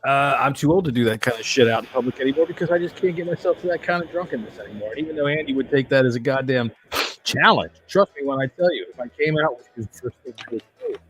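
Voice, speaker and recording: A man's voice: medium pitch, expressive, fast talker, a bit bright, faint music behind. A middle-aged man hosting a podcast in casual chat, laughing often and swearing as he banters. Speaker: podcast host.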